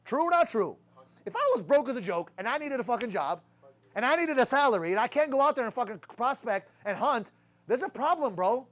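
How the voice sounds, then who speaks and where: Young male sales leader, high voice, brash and profane, fires off rhetorical questions at his team. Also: expressive, brisk, a bit bright. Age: young adult. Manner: rhetorical questions, heavy swearing. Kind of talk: profane motivational sales talk.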